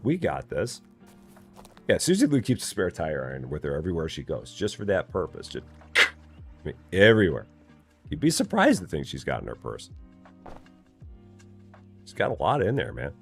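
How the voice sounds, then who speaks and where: A man's voice: sits low, wildly swooping pitch, normal speed, vocal fry, long pauses, a bit bright, faint music behind. A man streaming a game live, chatting casually, reading chat aloud and joking in a rambling way.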